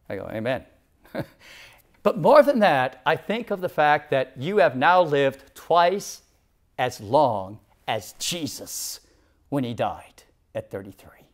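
A man's voice: a little high, big pitch swings, normal speed. Dramatic preacher in his sixties. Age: 60s. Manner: dramatic swings from loud to whispered. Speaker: church leader. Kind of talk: sermon.

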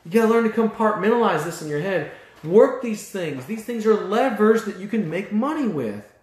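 A man's voice: high-pitched, animated, normal speed, a little mellow, echoey room. A man coaching auto repair shop owners in a fired-up, blunt, mildly profane motivational talk.

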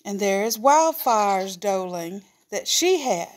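A woman's voice: mid-range voice, lively intonation, slow pace. A woman who breeds goats, chatting casually and cooing affectionately to her animals. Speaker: goat breeder and vlogger.

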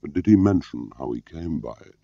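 A mild, soft-spoken older spymaster from a storybook reading, asking gentle, probing questions, as a male narrator puts him on. His voice is very deep and dark with a gravelly edge. The recording is dry and slightly dull. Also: expressive, a little fast, no room sound, exaggerated voice. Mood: quiet probing.

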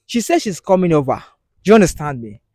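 Male skit host, high and lively voice, repeats himself to soothe and plead. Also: quick pace, no room sound. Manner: animated, repetitive pleading and soothing. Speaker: show host. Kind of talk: comedic skit acting as an advice host.

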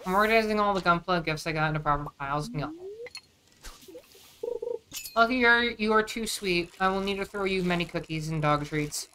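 Lower-voiced woman chatting while gaming. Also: normal speed, bright, forceful tone, slight background noise. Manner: chatty, thinks aloud while playing. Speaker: streamer. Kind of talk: casual gameplay chat.

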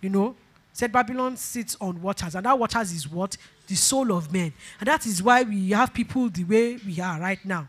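A woman's voice: mid-range voice, normal speed. A woman pastor preaching a sermon, leading call-and-response, repeating phrases and breaking into emphatic bursts. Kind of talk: sermon exhortation.

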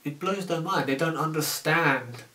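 A young British man with a fairly high, bright, forceful voice speaks at normal speed in a casual, sarcastic comedic rant to camera about working as a shop cashier. Exasperated, he acts out exchanges with customers. He's recorded from a distance, off-mic, with a roomy echo.

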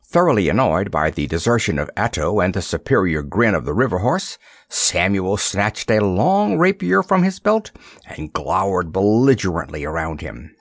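Gravelly, expressive male audiobook narrator. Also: on the low side, no room sound, studio quality. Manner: expressive, lively storytelling.

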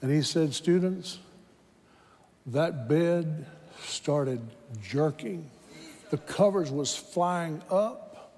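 A man with a Southern American accent preaching a sermon, telling a story with animated quoted voices that climb into shouts of praise. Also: fairly high pitch, drawn-out words. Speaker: pastor. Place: large church hall with congregation. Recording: reverberant church hall with crowd.

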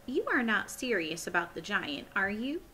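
A woman reading aloud, voicing a composed, regal older queen who asks measured, polite questions. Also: medium pitch, very animated, pushed and bright, slight background noise. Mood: regal, amused.

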